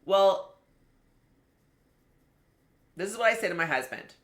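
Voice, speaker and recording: A woman business coach teaching a live online masterclass, talking in an animated, conversational way and speaking straight to her viewers. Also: medium pitch, slow, echoey room.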